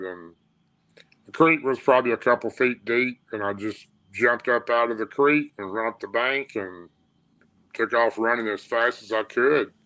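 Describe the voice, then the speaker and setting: A man's voice: on the low side, bright, forceful tone, low-quality recording. A man with a Tennessee accent, a radio show guest telling a personal encounter story in a plain-spoken, rambling way with restarts. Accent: Southern US, Tennessee.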